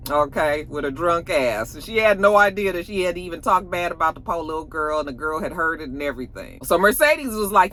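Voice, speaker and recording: Chatty bright-voiced woman reviewer. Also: sits low, expressive, normal speed, hardly any pauses. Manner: chatty, slangy, acts out quoted lines. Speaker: TV episode reviewer. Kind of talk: casual recap review.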